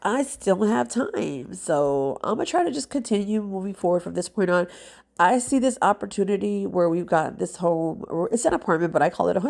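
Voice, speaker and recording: A woman's voice: medium pitch, lively intonation, brisk, gravelly, darkish tone. A woman, a mother, talking casually and heartfelt to camera as a nail vlogger, rambling with many fillers and sounding congested. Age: adult with children.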